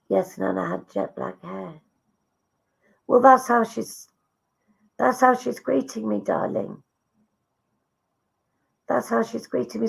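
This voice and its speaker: A woman's voice: mid-range voice, creaky. A woman giving live psychic readings to viewers online, chatty and affectionate, relaying messages she says come from spirits.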